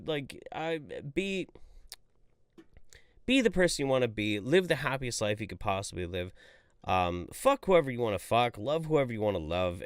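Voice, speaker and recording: A man hosting a live stream swears freely and swings his pitch up and down as he reacts in exasperation. His mid-pitched voice is recorded close and dry, with no room sound around it. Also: smooth, no echo. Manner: profane, exasperated, animated. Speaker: livestream host. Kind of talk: casual live-stream chat.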